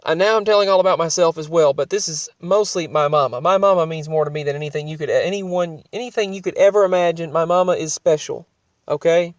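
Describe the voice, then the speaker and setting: Young guy rambling thru his story, kinda high voice, dry close sound, keeps restarting. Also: quick pace, dry recording, muffled recording. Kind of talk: personal storytelling vlog.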